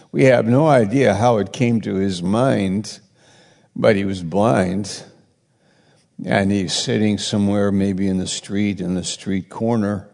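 Preaching a sermon and teaching from the Bible, a man with a lowish voice and vocal fry rambles and corrects himself, retelling stories with growing excitement. Long hall reverb fills the recording.

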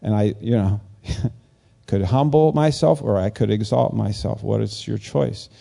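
A man preaching in a loose, chatty way, his voice gravelly with a dark, mellow tone. He talks slowly and rambles, breaking into higher, lively voices when he acts out what others say. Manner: animated, rambling, acts out quoted lines in a higher voice. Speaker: pastor. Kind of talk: casual conversational sermon.

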